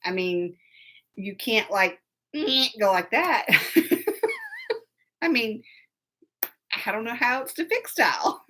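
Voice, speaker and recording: A woman's voice: fairly high pitch, wildly swooping pitch, slow pace, pauses often, bright, forceful tone, slight background noise. A woman hosting a live show, chatting casually and rambling, laughing often and greeting viewers by name. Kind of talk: casual live-stream chat.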